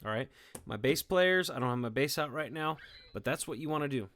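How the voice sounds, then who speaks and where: A man's voice: medium pitch, animated, brisk, fairly bright tone. A male music teacher giving a guitar lesson to his students. He keeps asking "okay?" and "all right?" and cheers them on. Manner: encouraging, checks in with "okay?" and "all right?" often. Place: indoors, playing guitar.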